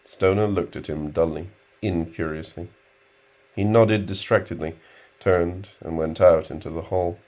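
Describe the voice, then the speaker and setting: Deep-voiced male audiobook narrator. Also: fairly even intonation, measured pace, a little mellow. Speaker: audiobook reader.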